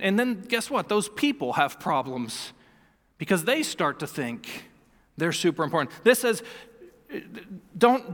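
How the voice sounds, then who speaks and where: A man's voice: high voice, fairly bright tone, in a large hall. A man in his thirties preaching a sermon as pastor, earnest and emphatic, often repeating key phrases. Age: 30s. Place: church sanctuary.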